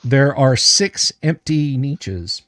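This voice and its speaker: Slow, halting game master man. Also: medium pitch, expressive, fairly bright tone, no echo. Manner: hesitant, many fillers and restarts; describes items slowly and carefully. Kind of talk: narrating a tabletop game livestream.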